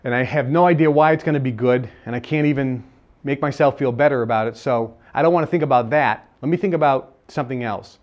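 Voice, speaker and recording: A man's voice: medium pitch, quick pace, lo-fi sound. A man giving a live seminar lecture, emphatic and repeating his key phrases, sometimes acting out bits of dialogue. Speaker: seminar speaker.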